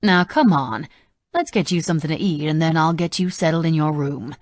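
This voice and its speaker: A woman's voice: low-pitched, animated, fairly quick, no echo, clean studio sound. A woman voicing a frank middle-aged housekeeper with a slight Southern accent.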